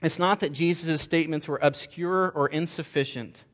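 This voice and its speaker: A pastor preaching a conversational sermon, emphatic, with repeated words and restarts. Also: male voice, fairly high pitch, fairly even intonation, normal speed, fairly bright tone.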